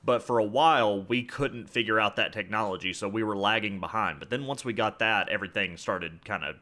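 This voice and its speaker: A man's voice: on the low side, fairly quick, sharp tone. A man hosting a casual history podcast, explaining events and adding jokes and asides as he goes. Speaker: podcast host.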